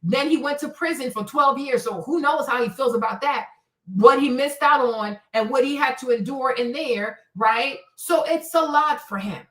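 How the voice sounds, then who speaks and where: A woman hosting a casual livestream, telling stories in an animated, slangy way and acting out the exclamations. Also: high voice, normal speed, echoey room, far from the mic. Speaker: livestream host. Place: home, in D.C.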